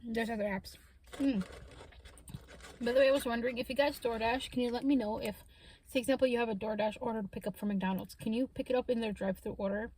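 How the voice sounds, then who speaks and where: A woman's voice: fairly high pitch, quick pace, slight background noise. Chatty woman eating in her car. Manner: relaxed, chatty, humming while chewing. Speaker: vlogger. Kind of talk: casual eating-show chat. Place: inside a parked car.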